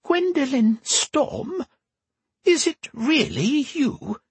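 A man voicing an old empress who is creaky and sharp-tongued, in a high put-on voice. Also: very animated, very slow, no echo, full character voice. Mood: tart.

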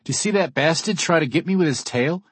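A man voicing a boastful male big-game hunter with a New Zealand accent, loud and gleeful. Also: a little high, expressive, fast, husky, dry recording, voice pushed up.

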